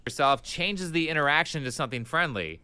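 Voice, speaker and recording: Brief: male voice-over narrator, smooth, bright, evenly read script. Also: a little high, expressive, a little fast.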